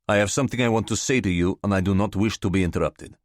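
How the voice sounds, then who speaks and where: A man voicing a gruff, indignant foreign businessman with a gravelly Czech accent and broken English, speaking slowly and sternly. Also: on the low side, no room sound, studio quality, lightly acted. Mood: angry. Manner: slow, stern, lecturing.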